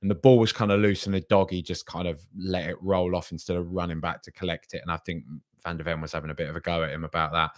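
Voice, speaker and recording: A man hosting a casual podcast stream. He reads out viewer comments and rambles with hesitations, then argues back in an exasperated way. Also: fairly low pitch. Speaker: podcast host.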